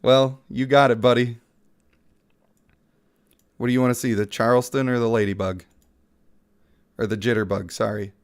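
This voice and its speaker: Sick guy streaming a mobile game, joking with chat, smooth clear voice, mid pitch. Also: fairly even intonation, moderate pace, pauses often. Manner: playful, jokey, chatting with viewers. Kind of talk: casual live-stream commentary.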